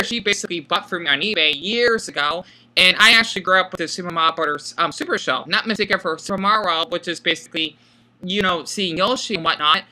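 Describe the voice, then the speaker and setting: A man talks through a film in a loose, casual commentary. His voice is very bright and sharp-edged. He keeps a flat, monotone delivery, pausing often and leaning on filler words. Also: high-pitched. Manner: self-described monotone, hesitant with many fillers. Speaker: video creator.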